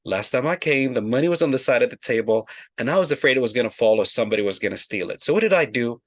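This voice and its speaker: A humble, gentle imam, as a storyteller puts him on, lifting his voice a little and speaking fast and earnestly. The sound is dry and close to the mic. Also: mid-range voice, expressive, dry recording. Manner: polite, earnest, pleading innocence. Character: gentle, humble male imam, new to a mosque.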